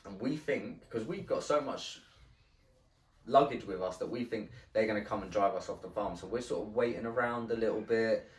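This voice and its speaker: A low-voiced man recounts a tense experience in loose, profane podcast talk. He stumbles and restarts his sentences often. He was recorded from some distance in a roomy, echoing space. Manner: halting and profane, with frequent restarts. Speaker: podcast co-host telling a story. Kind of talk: casual storytelling. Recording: roomy sound from a distant mic.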